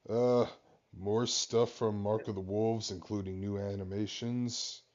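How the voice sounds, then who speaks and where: A man's voice: on the low side, fairly even intonation, unhurried, darkish tone. A man co-hosting a podcast, chatting casually and rambling with loose profanity. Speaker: podcast co-host. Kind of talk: casual chat. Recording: dull lo-fi sound.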